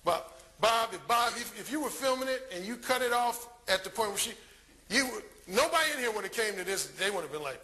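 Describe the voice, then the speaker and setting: A man giving a live conference talk as a dating coach, telling crude stories in an animated way. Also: sits high, fairly quick.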